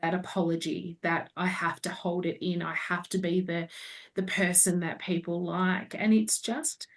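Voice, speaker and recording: A woman's voice: lowish voice, level tone, normal speed. A woman in her forties, a naturopath guest talking through her clinical experience in an earnest, explaining way. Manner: earnest, explains at length with own examples. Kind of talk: casual podcast chat. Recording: voice a bit distant from the mic.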